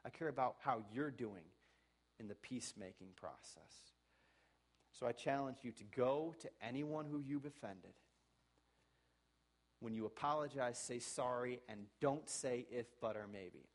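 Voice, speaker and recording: This sermon comes from a medium-pitched male pastor speaking at a moderate pace. He urges the congregation on earnestly, shifts from soft to loud, and plays out sample apologies in an everyday voice.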